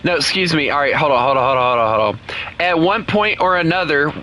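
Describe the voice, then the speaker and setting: A young man with a Southern American accent streams a game live, chatting casually and teasing his viewers with jokes and quick restarts. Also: on the high side, expressive, pushed and bright, a little hiss or hum, poor audio. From United States. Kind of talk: casual live-stream chat while playing.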